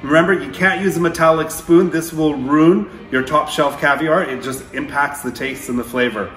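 A man hosting his own cooking channel, talking through a recipe in a relaxed, chatty way with frequent filler words. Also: a little high, normal speed, roomy sound. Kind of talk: casual cooking demonstration.

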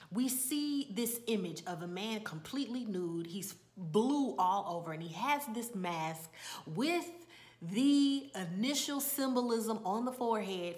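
Woman casually recapping a TV episode. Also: medium pitch. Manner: conversational storytelling with asides and drops to a whisper. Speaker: TV episode reviewer.

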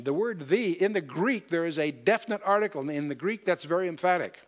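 A man's voice: on the high side, animated, a little fast, few pauses. A man giving a Bible study lecture, explaining step by step and quoting scripture in old-style wording. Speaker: Bible teacher.

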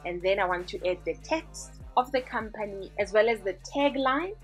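A woman's voice: mid-range voice, lively intonation, moderate pace, soft background music. A woman hosting a design tutorial, narrating a screen-recording voice-over in an upbeat, chatty way as she walks through each step.

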